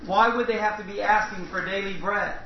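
Preacher guy reading scripture, tosses quick questions at the crowd, far off mic, dull muffled recording. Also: sits high, steady tone. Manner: reads long passages aloud, breaks in with quick questions to the audience. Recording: roomy, distant, dull lo-fi sound with faint noise.

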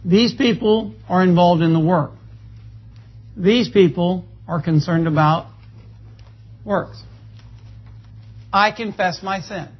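A man's voice: sits high, slow pace, pauses often, breathy edge, dull audio. A man preaching a sermon, folksy and joking, asking the congregation for amens. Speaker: pastor. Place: church.

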